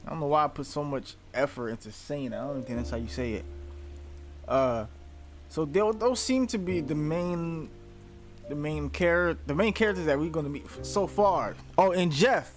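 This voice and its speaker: A man's voice: fairly high pitch, animated, normal speed, faint music behind. A man hosting a reaction video, rambling casually, laughing and swearing.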